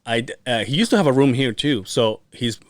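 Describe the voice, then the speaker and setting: A man's voice: medium pitch, a little fast, dry recording. A man hosting a podcast, telling stories in casual chat with lots of swearing and acted-out quotes. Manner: profane, animated storytelling with acted-out quotes. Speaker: podcast host.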